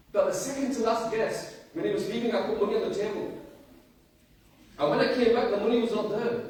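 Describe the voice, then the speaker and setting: A man with a very high voice tells a moral story as a sermon, asking question after question and repeating key lines. He is heard from a distance in a strongly echoing room. A faint noise runs underneath. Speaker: preacher.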